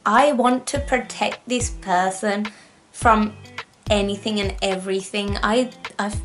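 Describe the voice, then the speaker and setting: A young woman reacting on her vlog, excitable and rambling, often gasping. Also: medium pitch, takes it slowly. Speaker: music reaction YouTuber. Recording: faint music playing behind. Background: faint music.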